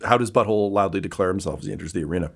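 A man's voice: sits low, racing, creaky, husky. A man running a tabletop game as game master, narrating with many hesitations and fillers.

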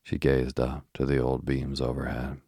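A man narrating a bedtime story in a soft, even, unhurried sleep-story reading. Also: rumbling low, creaky, slightly rough, dry recording, clean studio sound.

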